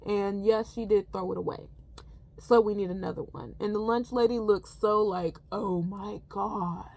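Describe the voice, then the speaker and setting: A woman's voice: medium pitch, fairly even intonation, moderate pace, gravelly, darkish tone. A woman who works as a teaching assistant, retelling a school incident in a casual storytime vlog and acting out what others said.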